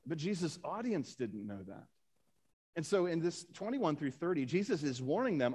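With a sing-song delivery, a darkish tone and a breathy edge, this slightly high-voiced man speaks at normal speed. He's a pastor giving a Sunday sermon, reading scripture with rising emphasis and asking rhetorical questions of the congregation.

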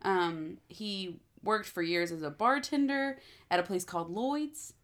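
A woman's voice: mid-range voice, unhurried. Chatty woman recapping a show. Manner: rambling, many fillers, acts out lines in quotes. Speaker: podcast co-host. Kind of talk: casual chat recapping a TV episode.

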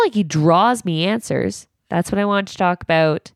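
Woman podcast co-host; frank, rambling, slightly gravelly, close and dry. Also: normal speed, hardly any pauses, dry recording. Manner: rambling and frank, swoops up high when quoting people. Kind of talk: candid podcast monologue.

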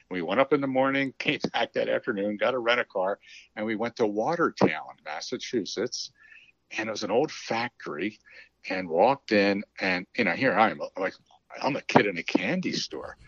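A man's voice: medium pitch, no echo. A middle-aged man telling a story in a casual interview, acting out the dialogue he recalls. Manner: animated, acts out quoted dialogue, chuckles. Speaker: guest telling a business story. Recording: dull lo-fi dry sound.

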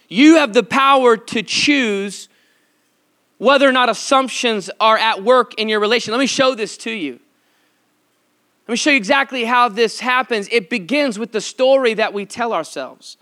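High, bright-voiced male pastor. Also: normal speed. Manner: conversational, playful, emphatic. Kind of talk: sermon.

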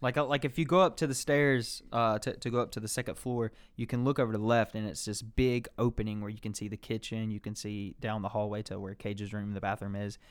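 A man's voice: on the low side, steady tone, fairly quick, few pauses, smooth, dry recording. A man telling a story casually among friends, loose and profane, often laughing.

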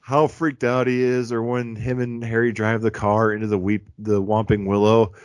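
A man's voice: on the low side, flat delivery, moderate pace, smooth, dry recording. A man chatting casually and enthusiastically about a film as a podcast co-host, joking as he goes. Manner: enthusiastic, joking, imitates characters.

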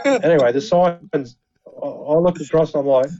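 A man's voice: mid-range voice, normal speed, pauses often, dark tone, no echo, lo-fi sound. A man telling a story in casual banter, swearing heavily. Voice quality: heavy swearing, laid-back.

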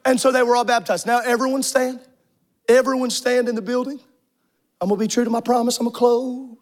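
Very high-voiced fervent male preacher. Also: little pitch movement, fairly quick. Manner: emphatic, shouting, half-singing cadence. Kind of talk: fervent sermon. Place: church.

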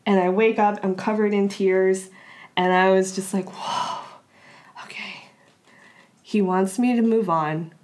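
A woman's voice: medium pitch, steady tone, normal speed, a little mellow. A woman guest in an interview, telling a personal story casually, with frequent filler words and restarts. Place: Los Angeles area.

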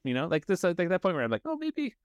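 A man's voice: a little high, expressive, rapid-fire, no echo, lo-fi sound. A man co-hosting a podcast, chatting casually and rambling, swearing freely. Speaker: podcast co-host. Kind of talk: casual chat.

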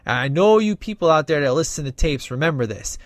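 A man's voice: on the high side, lively intonation, quick pace, no echo, studio quality. A man casually reviewing a film in a rambling, enthusiastic way, with many fillers. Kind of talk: casual movie review monologue.

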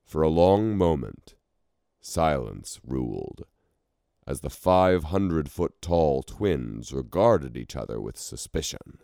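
Very deep, slow male storyteller. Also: big pitch swings, creaky, dark tone, no echo, clean studio sound. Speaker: narrator. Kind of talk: storybook reading.

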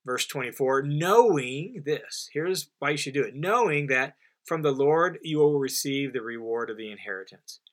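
A man's voice: medium pitch, animated, moderate pace, few pauses. A man teaching through a Bible passage verse by verse in a conversational, emphatic way, often restarting and repeating phrases for stress. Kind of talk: unscripted Bible commentary.

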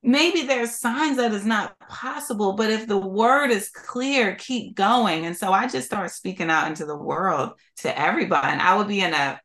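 A woman from Philadelphia, a podcast guest, telling her story in an interview in an animated, expressive way and laughing often. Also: mid-range voice, normal speed, hardly any pauses. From Philadelphia, USA.

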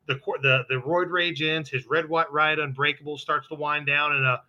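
A man with a very bright, forceful voice, talking a little higher than most men. He recaps episodes in loose, rambling chat full of restarts and swearing. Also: fairly even intonation, normal speed, highs cut off. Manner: rambling, profane, quotes characters in passing. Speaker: podcast co-host recapping an anime. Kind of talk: casual chat.

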